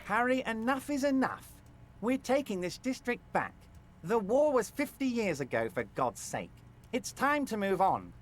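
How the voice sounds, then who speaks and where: A jovial scheming union boss. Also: male voice, big pitch swings, moderate pace. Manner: booming, self-assured, sweeping speechmaking. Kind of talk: video game voice acting. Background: game music.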